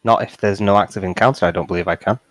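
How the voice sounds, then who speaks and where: A man's voice: lowish voice, steady tone, rapid-fire, no room sound. A man chatting casually as a player in an online tabletop game, laughing easily.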